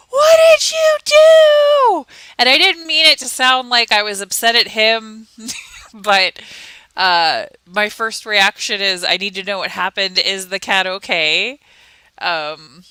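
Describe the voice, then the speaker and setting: A woman's voice: on the low side, bright, forceful tone, clean tone, no room sound. A woman hosting a casual morning crime recap, chatty and dramatic, who laughs often as she tells stories from home. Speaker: crime news host.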